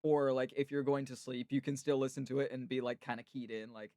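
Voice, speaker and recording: A man's voice: medium pitch, little pitch movement, brisk, warm tone, dry recording. Chatty male podcast host, enthusiastic, filler-heavy, dry close sound. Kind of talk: casual chat.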